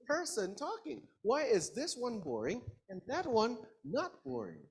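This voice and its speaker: A man's voice: very high voice, unhurried, vocal fry, husky, poor audio. A man lecturing a class in an interactive style, asking his audience questions. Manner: lively, engaging, asks the audience questions.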